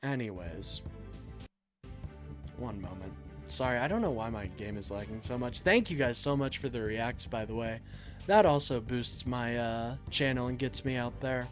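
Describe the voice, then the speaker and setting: A man's voice: medium pitch, normal speed, soft background music. A young man hosting a political live stream, reading chat and answering it in a heated, exasperated way. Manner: heated, exasperated, swings between loud and muttered.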